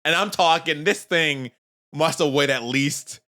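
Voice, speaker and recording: A man co-hosting a podcast casually recaps an anime episode, animatedly acting out the characters' lines as he retells it. His voice is fairly high, and he speaks at a measured pace.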